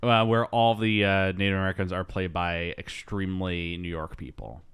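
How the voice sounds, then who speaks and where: A man's voice: low voice, normal speed, clean tone. A man co-hosting a podcast, recapping a movie in casual, jokey chat. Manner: animated, jokey, recaps plot with quoted voices. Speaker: podcast co-host.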